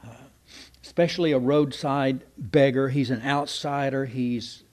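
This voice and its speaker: A man's voice: medium pitch, steady tone, a little slow, a little mellow. An older man preaching a sermon in a folksy, digressive way, with asides and restarts.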